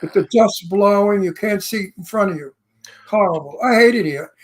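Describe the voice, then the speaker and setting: Blunt New York co-host, brash. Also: male voice, high-pitched, normal speed. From Brooklyn, New York. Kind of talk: casual interview chat.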